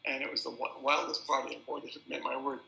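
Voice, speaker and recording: An older man, a film director, telling anecdotes at a festival introduction as a lively storyteller who repeats words at restarts. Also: mid-range voice, fast talker, gravelly. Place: festival screening venue. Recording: roomy hall sound.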